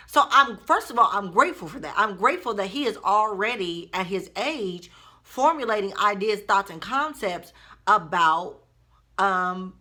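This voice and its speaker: A woman telling a story to her viewers in a casual vlog, chatty and expressive, talking straight to her audience. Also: mid-range voice. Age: adult mother. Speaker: vlogger.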